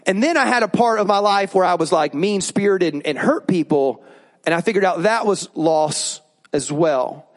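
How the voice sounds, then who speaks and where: A male pastor giving a sermon in an animated, joking way, prompting the congregation to repeat words back. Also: sits high, moderate pace.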